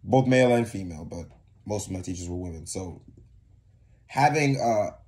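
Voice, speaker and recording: A man's voice: low voice, expressive, normal speed, a little mellow. A young man co-hosting a reaction video, ranting in heated, profane casual commentary.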